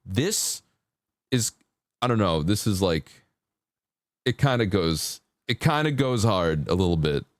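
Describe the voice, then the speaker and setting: A man's voice: lowish voice, sing-song, measured pace, long pauses, dry recording. A man chatting casually with viewers on a live stream while he paints, laid-back and chatty. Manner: laid-back, chatty, sings along to songs in a put-on country twang.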